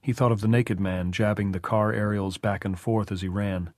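Low-voiced male audiobook narrator. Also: steady tone, moderate pace, dry recording, studio quality. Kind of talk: scripted narration.

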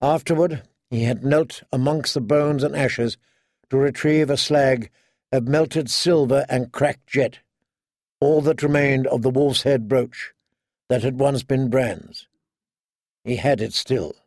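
A man reading a fantasy story aloud in measured, dramatic narration. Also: medium pitch, steady tone, a little mellow, dry recording, studio quality. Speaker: audiobook narrator. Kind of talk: scripted narration.

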